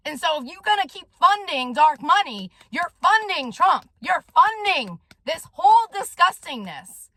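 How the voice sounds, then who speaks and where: A woman talks straight to her viewers in a heated, swearing rant and keeps punctuating her points with "okay?". Her voice sits high and sounds bright and sharp. The sound is dry and close, with no room echo. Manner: agitated, profane, tags sentences with "okay?". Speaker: vlogger and soul coach. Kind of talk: direct-to-camera rant.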